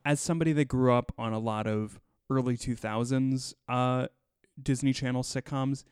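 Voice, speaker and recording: A man co-hosting a podcast, chatting with animated enthusiasm and frequent laughter. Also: medium pitch, moderate pace, smooth, no echo, clean studio sound. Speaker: podcast co-host. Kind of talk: casual chat.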